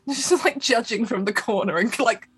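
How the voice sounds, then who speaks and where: A woman's voice: on the high side, a little slow, slightly rough. A woman player in a tabletop game, describing her cat character in chatty casual talk. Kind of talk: casual role-play chat.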